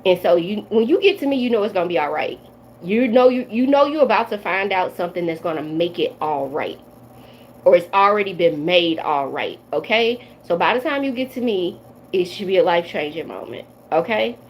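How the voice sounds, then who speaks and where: A woman's voice: on the low side, animated, a little fast, slight background noise, poor audio. A woman in her forties from the Midwestern United States, a tarot reader chatting loosely and directly to viewers on a live stream. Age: 40s. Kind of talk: casual live-stream chat.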